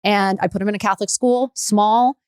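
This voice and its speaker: A middle-aged woman, a podcast guest, telling stories in a candid, profane, animated way in casual chat. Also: medium pitch, brisk, clean tone, dry recording, clean studio sound.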